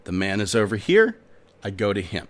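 A man hosting a podcast, narrating a folk tale in a dramatic, expressive storytelling manner. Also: on the low side, normal speed. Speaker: podcast host.

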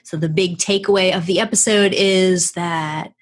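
A woman's voice: lowish voice, fairly even intonation, normal speed. A woman co-hosting a podcast in casual chat, talking freely and laughing often. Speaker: podcast co-host.

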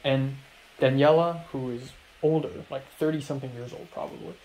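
A man's voice: medium pitch, fairly even intonation, fairly quick, a little mellow, low-quality recording. A young man vlogging from his apartment, casually retelling his day in a rambling way, full of fillers and acted-out quotes. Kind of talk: casual diary-style storytelling.

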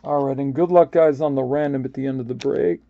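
New york guy doing a live card break, slow and gravelly, kinda dull lo-fi sound. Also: mid-range voice, steady tone, dry recording. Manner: casual, stumbles over player names.

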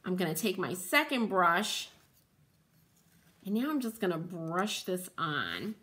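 A woman's voice: lowish voice, big pitch swings, takes it slowly, sharp tone. A woman hosting a live painting demo, chatting with viewers and reading out their comments while she works, with playful asides and frequent laughs.

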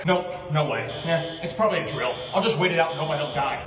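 A young man performing one-man comedy sketches, switching between sarcastic, shouting and soft-spoken characters. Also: on the high side, lively intonation, fast, heavy background noise.

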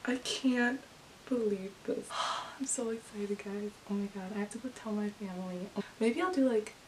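A woman's voice: mid-range voice, normal speed. A young woman vlogging casually, gushing and breathless, exclaiming again and again. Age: young adult. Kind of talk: casual vlog. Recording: slightly distant, faint hiss.

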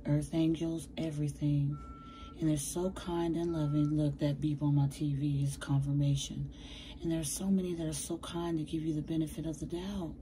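Woman, low voice, casual tarot reading, chatty, slangy, emphatic, home bedroom. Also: flat delivery, moderate pace, warm tone, slight background noise, poor audio. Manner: chatty, slangy, emphatic, addresses viewers as baby. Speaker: tarot reader.

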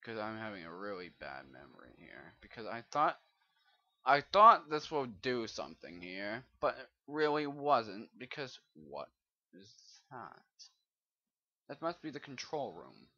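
Brief: male Let's Play commentator, slow delivery, swears and blows up at the game, dull lo-fi recording. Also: on the low side, big pitch swings. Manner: swears often, bursts into loud frustrated outbursts. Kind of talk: casual gameplay commentary.

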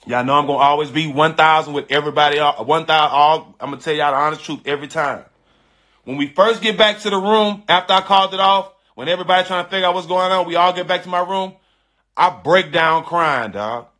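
Podcast host guy, kinda high and tense voice, swears a lot, repeats himself, animated storytelling. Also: fast. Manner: animated, profane slang, repeats phrases. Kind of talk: casual storytelling.

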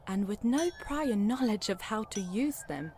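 A woman voicing a formal, learned scholar in a video game, measured and polite. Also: medium pitch, expressive, darkish tone, a little hiss or hum, close to an everyday voice.

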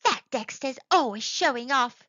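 A woman voicing a grumpy zebra who sulks and shouts in a storybook read-aloud. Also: sits high, animated, moderate pace, no room sound, highs cut off. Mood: annoyed. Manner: sulky, shouting.

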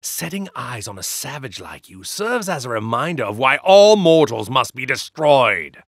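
A sneering, gravelly evil god. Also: male voice, medium pitch, big pitch swings, normal speed, no room sound, clean studio sound. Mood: contemptuous. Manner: haughty, contemptuous, grandiose. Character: arrogant evil god in a hero's body, male. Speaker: video game character. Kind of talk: game voice lines.

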